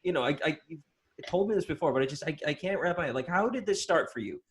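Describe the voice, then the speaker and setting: A man's voice: a little high, expressive, fast talker. A man hosting a casual interview, asking hesitant questions full of fillers. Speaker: interview host.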